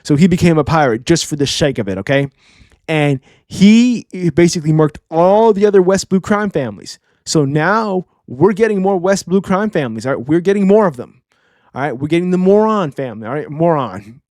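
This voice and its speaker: A man giving a casual, excitable manga review in slangy talk, constantly checking in with "all right?". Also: a little high, fairly quick, dry recording, studio quality. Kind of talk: casual reaction commentary.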